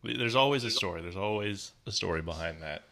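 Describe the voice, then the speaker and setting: A man's voice: lowish voice, quick pace, gravelly, bright, forceful tone. A man hosting a podcast, reacting briefly and asking follow-up questions. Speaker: podcast host. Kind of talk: interview listening and reacting.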